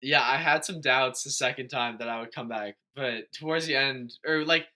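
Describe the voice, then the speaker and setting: Bright young man telling stories. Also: mid-range voice, moderate pace. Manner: rambling storyteller, many fillers and restarts. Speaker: podcast host. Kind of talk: casual chat.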